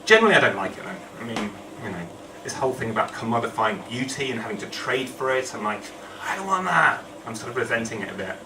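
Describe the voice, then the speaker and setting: A man's voice: on the low side, animated, quick pace. Brief: male storyteller rambling through a funny true story, heard from a distance in a roomy hall with background noise. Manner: rambling, self-deprecating, humorous. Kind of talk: live storytelling on stage. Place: event hall. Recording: echoey hall, distant mic, noisy.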